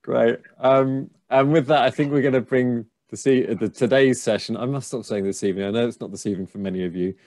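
A man hosting a live writing Q&A, relaxed and hesitant, reading out viewer questions. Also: mid-range voice, fairly quick, hardly any pauses, no room sound. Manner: relaxed, affirming, hesitant with fillers. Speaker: host. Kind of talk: live Q&A chat.

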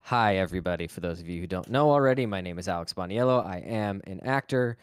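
A man's voice: deep voice, fast, smooth, no room sound, clean studio sound. A man, an actor, chatting as a guest on a stream, rambling and flustered. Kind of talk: casual chat.

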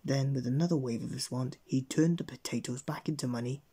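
A man reading a bedtime story aloud in a gentle, expressive way. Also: mid-range voice, a little fast, breathy edge.

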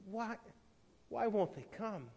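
A man voicing a gentle cave woman in a parable, speaking softly with wonder. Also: extremely high pitch, slow, voice pushed up, heavily acted. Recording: reverberant church hall.

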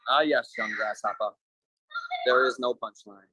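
A calm old kung fu master, as a man puts him on, hands out slow, sage pronouncements. The voice stays close to the teller's own and sounds dry and near. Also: medium pitch, no echo, faint music behind, rough recording.

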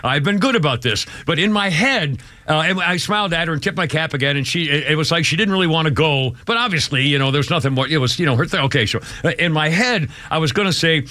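A man in his seventies hosting a talk radio show, telling a story in a rambling, halting way with many restarts. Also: a little high, bright, forceful tone. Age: 70s. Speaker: radio host. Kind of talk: casual radio chat.

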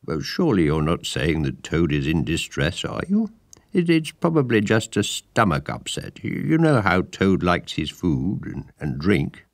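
A man's voice: low voice, sing-song, a little slow, dry recording, clean studio sound, full character voice. A man voicing a sleepy, hesitant male mole who stammers and sounds doubtful.

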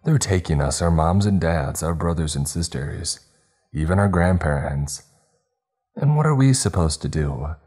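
A man's voice: low voice, lively intonation, normal speed, a little mellow, slightly rough. A man voicing a teenage boy leading his classmates, speaking in an insistent, raised voice. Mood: urgent. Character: urgent teenage boy leader rallying classmates.

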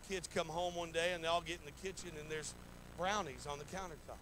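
A man's voice: fairly high pitch, steady tone, brisk, background noise. A man preaching a sermon in a folksy, repetitive way, acting out little stories in quoted voices. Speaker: pastor. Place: church sanctuary.

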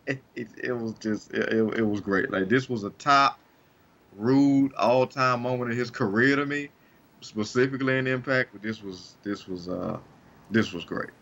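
A man's voice: mid-range voice, measured pace, fairly bright tone. A man co-hosting a podcast in casual chat, rambling with frequent restarts and laughter. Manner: rambling, restarts often, laughs while talking. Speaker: podcast co-host. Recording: dull lo-fi sound.

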